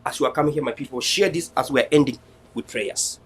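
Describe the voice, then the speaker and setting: A man's voice: mid-range voice, quick pace, a little hiss or hum. A man from Cameroon, hosting an online show and giving an impassioned, defiant political address that often turns preachy. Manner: defiant, preaching, repetitive rallying. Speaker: online TV host.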